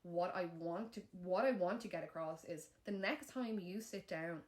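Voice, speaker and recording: A woman's voice: fairly low pitch, moderate pace, a little mellow. A young Irish woman co-hosting a podcast in casual chat, blunt and swearing freely. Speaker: podcast co-host. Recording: roomy echo.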